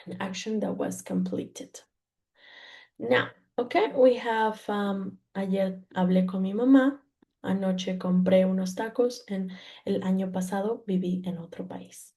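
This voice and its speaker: Woman from Mexico, language teacher; mellow tone, unhurried, patient explaining. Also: mid-range voice. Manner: patient, repeats "okay?" after each point, slow and careful. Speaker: Spanish teacher. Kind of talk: explaining grammar to learners.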